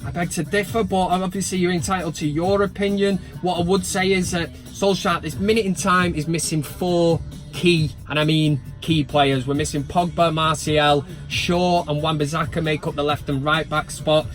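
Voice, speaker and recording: A man's voice: fairly high pitch, steady tone, normal speed, faint music behind. A man chatting casually to camera about his football club from inside a van, full of jokey, sweary banter and mock outrage. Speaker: football fan vlogger.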